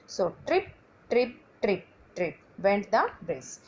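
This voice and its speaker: Woman teacher with a lively voice. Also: medium pitch, poor audio. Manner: reads aloud slowly with frequent "okay" and "dear students". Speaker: English teacher. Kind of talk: classroom story lesson.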